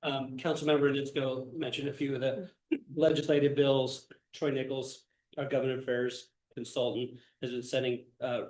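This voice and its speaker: A man's voice: medium pitch, flat delivery, darkish tone, rough recording. A man giving a city manager's report at a council meeting, nasal from a cold and full of fillers. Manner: halting, many fillers. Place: city council meeting over video call.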